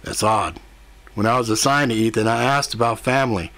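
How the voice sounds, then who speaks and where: A man's voice: mid-range voice, brisk, fairly bright tone, dry recording, natural voice. A man voicing a brash, crude male demon who talks in a cocky, flirtatious way. The reading is an audiobook character voice. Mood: probing.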